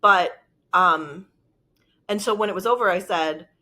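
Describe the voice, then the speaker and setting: A woman's voice: fairly low pitch, a little slow, bright, forceful tone. A woman vlogger telling a personal story in a rambling, emotional way with lots of filler words. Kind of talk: casual storytelling.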